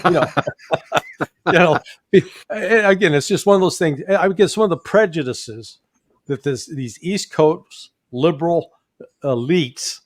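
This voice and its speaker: A Midwestern-accented man with a fairly high voice talks politics as a guest. He is animated and folksy and drops joking asides. The sound is dry and close, with almost no room echo. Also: slow. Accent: Midwestern American. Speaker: guest commentator. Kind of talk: casual political commentary.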